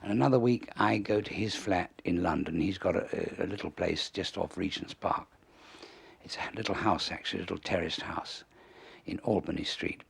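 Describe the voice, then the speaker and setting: An older man with a gravelly, husky voice, spinning lively anecdotes as an interview guest. He tells his stories with relish and chuckles along at them. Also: low-pitched, normal speed. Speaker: comedy writer, interview guest. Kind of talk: anecdotal storytelling.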